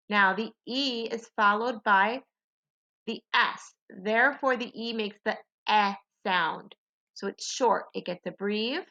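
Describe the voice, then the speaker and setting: Slow, bright-voiced teacher talking to kids. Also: female voice, medium pitch, lo-fi sound. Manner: slow, clearly sounding out letters and sounds. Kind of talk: phonics lesson for young children.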